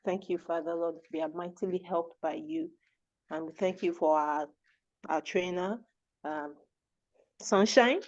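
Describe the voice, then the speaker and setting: A woman's voice: fairly low pitch, measured pace, pauses often, darkish tone, muffled recording. A woman on an online call who speaks firmly and then leads a fervent closing prayer. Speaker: community member leading prayer. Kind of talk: emphatic comment and closing prayer. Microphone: video call.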